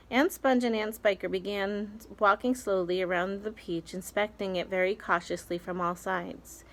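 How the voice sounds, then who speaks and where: A woman's voice: mid-range voice, steady tone, moderate pace, hardly any pauses, poor audio. A woman, a teacher, reading a children's novel aloud expressively, with small slips and restarts.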